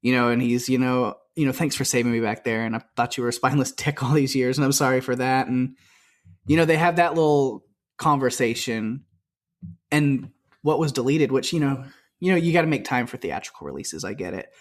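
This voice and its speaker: A man's voice: medium pitch, fairly quick. A man co-hosting a podcast, chatting loosely about a film and retelling its scenes with lots of quoted dialogue and fillers. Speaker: podcast co-host. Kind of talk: casual film discussion.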